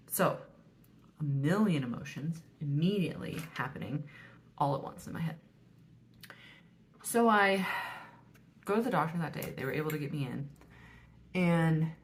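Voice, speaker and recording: Chatty woman vlogger, slightly low voice. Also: slight background noise. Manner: chatty, frequent "like" and "um", drops to whispers when quoting herself. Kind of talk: casual storytelling vlog.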